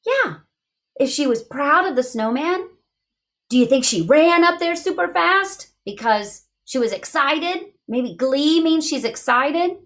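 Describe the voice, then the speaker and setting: Expressive woman teaching young children. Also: sits high, unhurried. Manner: expressive, questioning, encouraging. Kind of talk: read-aloud lesson for young children.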